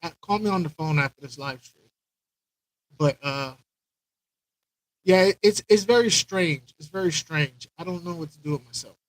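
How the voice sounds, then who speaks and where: A man's voice: on the high side, normal speed, pauses often, no room sound, low-quality recording. A man hosting a live stream, chatting loosely with viewers, rambling and repeating himself as he greets them by name. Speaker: aquarium channel host.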